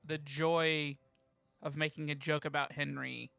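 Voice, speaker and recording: A man's voice: fairly high pitch, level tone, a little slow, vocal fry, pushed and bright, clear, resonant tone, no echo, faint music behind. A man playing a tabletop game, speaking in an earnest and musing way. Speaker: player.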